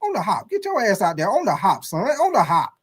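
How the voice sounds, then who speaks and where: A man voicing an angry male football head coach who yells and curses at his player. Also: high voice, huge pitch swings, brisk, husky, exaggerated voice. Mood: yelling. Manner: yelling, cursing, bossy.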